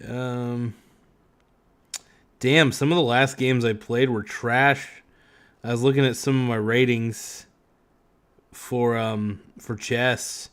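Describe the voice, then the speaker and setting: Eating while he reads off his live chat, a livestream podcast host talks in a medium-pitched, slightly bright voice. His chatter is loose and rambling, peppered with cursing and filler words.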